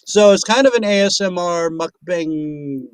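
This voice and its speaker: A man's voice: high voice, a little slow, slight background noise. A man hosting a casual online chat show, rambling with many restarts and eating while he talks. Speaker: show host.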